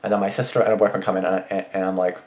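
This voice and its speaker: A young man with a very low voice rattles off rambling, sweary home-alone anecdotes at a quick clip. He keeps restarting his sentences. The room around him rings with echo. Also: flat delivery, darkish tone. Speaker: vlogger. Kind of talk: casual rambling storytelling. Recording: roomy echo.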